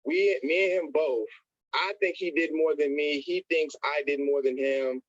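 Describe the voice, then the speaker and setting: A man telling a motivational story about his early days in sales, animated, repeating himself and calling his listeners "y'all". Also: fairly high pitch, normal speed, dry recording, lo-fi sound. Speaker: network marketing motivational speaker.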